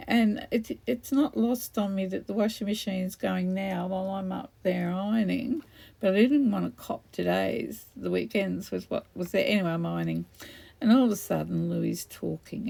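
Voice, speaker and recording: A woman's voice: medium pitch, gravelly, mellow. A middle-aged woman chatting casually while crafting, rambling and laughing often. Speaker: craft video host.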